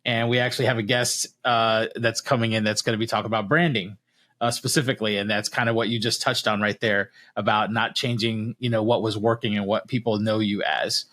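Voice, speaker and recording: A man's voice: lowish voice, brisk. A man hosting a business podcast, talking in a friendly, easygoing way as he closes out an interview. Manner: friendly, relaxed wrap-up with fillers. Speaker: podcast host.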